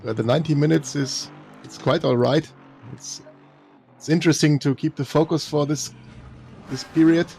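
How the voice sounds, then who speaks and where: Co-host: man, gravelly voice, dry understated delivery. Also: on the high side, steady tone, normal speed, darkish tone, slight background noise. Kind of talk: casual live-stream chat.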